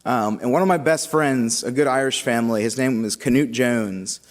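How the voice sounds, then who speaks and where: A young man speaks to a congregation about his own path, his talk loose and halting, full of fillers and restarts. His middle-pitched voice carries a long reverb from a large church. It sounds like a personal testimony given from the front of the nave. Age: young adult. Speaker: seminarian giving a vocation talk.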